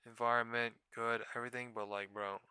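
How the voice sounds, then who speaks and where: A young man hosting a live trading stream, ranting in a profane, exasperated way with sudden bursts of loudness. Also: medium pitch, flat delivery, fairly quick, clear, resonant tone, dry recording. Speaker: stock trading livestream host.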